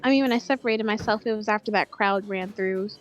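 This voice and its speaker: A woman's voice: medium pitch, fast talker, faint music behind. A woman playing a tabletop game, answering with dry, wry remarks and pushing back on the others. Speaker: player. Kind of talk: casual tabletop play.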